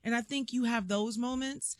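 A woman's voice: a little high, steady tone, moderate pace, a little mellow, no echo, clean studio sound. A woman guest chatting in an interview, telling stories animatedly, acting out quotes and laughing often. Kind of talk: casual interview chat.

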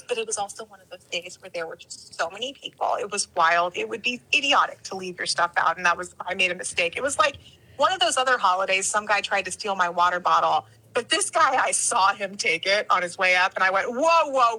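A woman telling a story in casual chat, animated and acting out the quoted lines in lively voices. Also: mid-range voice, fairly quick, slightly rough, low-quality recording.

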